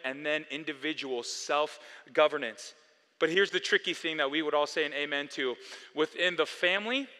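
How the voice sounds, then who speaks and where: Male pastor, sermon delivery, bright forceful tone, swings from hushed to emphatic. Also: fairly high pitch. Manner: preaching with swings between quiet, slowed passages and loud, emphatic ones. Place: church sanctuary. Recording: long hall reverb.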